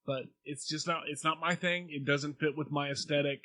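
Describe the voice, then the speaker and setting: A podcast co-host from Oklahoma talks with a drawl and gets to the point in a blunt, matter-of-fact way. His voice sits a bit higher than most men's and sounds dry and close to the microphone. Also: fairly even intonation, moderate pace, pushed and bright, dry recording. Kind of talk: casual chat.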